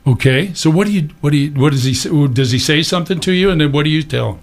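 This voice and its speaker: A man's voice: fairly high pitch, fast. A man hosting a casual interview, asking rambling friendly questions with plenty of fillers. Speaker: radio talk show host.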